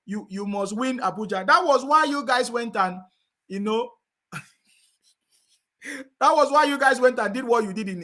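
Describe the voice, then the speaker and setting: A man's voice: very high voice, pushed and bright. A man delivering a combative, repetitive rant and often asking his audience if they understand him. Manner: combative, repeats phrases, asks "you understand me?". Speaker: political commentator. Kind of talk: heated live-stream rant.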